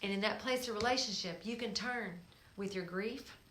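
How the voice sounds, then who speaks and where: A woman host with a mid-pitched voice gives a spiritual exhortation. She coaxes and insists, dropping to hushed tones and then rising to forceful emphasis. Her voice carries a roomy echo. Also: normal speed, slight background noise. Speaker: show host.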